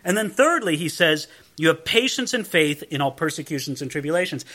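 Man, Bible teacher, verse-by-verse study, emphatic, animated, high-pitched. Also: fairly quick. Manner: emphatic, explains and asks the listeners questions.

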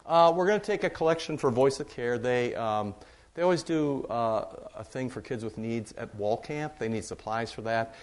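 A man's voice: mid-range voice, moderate pace. A middle-aged man, a pastor, giving church announcements and leading a Bible study in a rambling, good-humored way. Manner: chatty, warm-humored, rambling with fillers.

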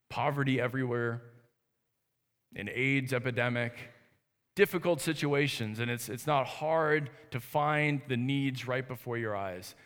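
A pastor in his thirties gives an earnest, conversational sermon in a church sanctuary, restarting his sentences now and then. His medium-pitched voice is a bit bright, and the hall is reverberant.

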